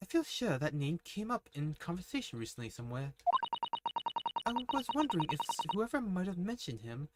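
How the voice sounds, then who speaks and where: A man voicing a polite, thoughtful young female assistant, reading game dialogue over loud game music. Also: high-pitched, sing-song, brisk, heavy background noise, pitched above the performer's own voice.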